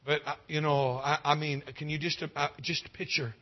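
A man preaching a revival sermon, swinging from hushed pleading to loud exclaiming and stretching out key phrases. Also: on the high side, little pitch movement, moderate pace. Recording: dull lo-fi sound.

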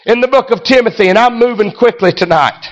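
A high-pitched man preaches with fervor, punctuating his sermon with amens and hallelujahs. The recording is dull and muffled, like lo-fi tape. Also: brisk.

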